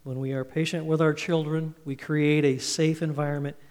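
A man's voice: on the high side, level tone, moderate pace. Man preaching in a reverberant church. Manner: earnest, storytelling, trails off softly at phrase ends. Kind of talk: Father's Day sermon. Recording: reverberant hall, speaker a bit off-mic.

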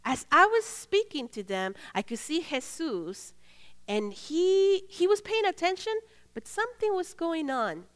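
A woman preaching in a church, telling a story earnestly and swinging between loud and hushed. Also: very high-pitched, big pitch swings, measured pace, in a large hall. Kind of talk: sermon storytelling.

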